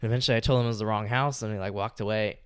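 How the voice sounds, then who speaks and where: A man's voice: lowish voice, steady tone, racing, smooth, no echo, clean studio sound. A young man swearing through a rambling story. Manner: rambling, profane, heavy use of "like" and "you know". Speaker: podcast co-host. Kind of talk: casual storytelling chat.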